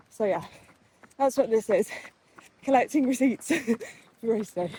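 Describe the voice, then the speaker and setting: Chatty woman vlogging outdoors, mellow voice. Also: on the high side, a little fast, pauses often, slight background noise. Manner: chatty, upbeat, many fillers. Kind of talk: casual vlog chat. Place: outdoors on a run and walk.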